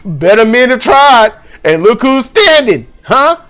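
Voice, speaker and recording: A man's voice: very high-pitched, big pitch swings, takes it slowly, fairly bright tone, heavily acted. A man voicing a sassy woman from a dream who taunts and dares him. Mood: taunting.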